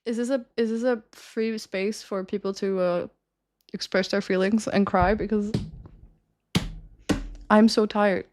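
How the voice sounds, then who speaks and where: A woman's voice: mid-range voice, steady tone, normal speed, a little mellow. A young woman streaming and chatting casually with viewers, giggling often and ranting with plenty of swearing. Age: young adult.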